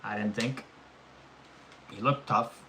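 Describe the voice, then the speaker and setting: A young man streaming live, telling a rambling, animated story in casual chat and swearing often. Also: on the low side, slow, slight background noise.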